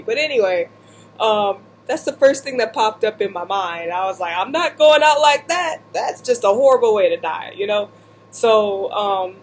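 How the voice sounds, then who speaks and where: A woman vlogger telling a humorous personal story while seated indoors, animated and slipping into voices and asides. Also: medium pitch, a little hiss or hum.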